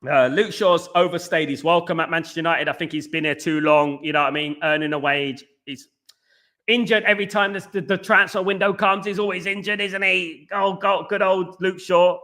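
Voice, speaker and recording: A Northern English man runs a casual fan livestream and chats through viewer comments. His voice sits high and sounds bright and forceful, and he keeps repeating words and shout-outs. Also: fairly even intonation, brisk. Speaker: host of a football fan livestream. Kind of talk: casual live chat reading viewer comments.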